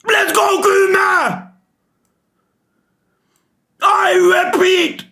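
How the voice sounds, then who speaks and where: A man reacting live to a manga chapter, emotional and shouting, swearing often. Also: very high voice, slow, gravelly. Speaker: reaction streamer.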